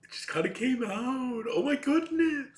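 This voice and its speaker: Silly high put-on voice from a male streamer, slow and drawn out, in an echoey room. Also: animated. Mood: giddy. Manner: repeats the same exclamation over and over. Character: goofy squeaky-voiced man greeting a live stream.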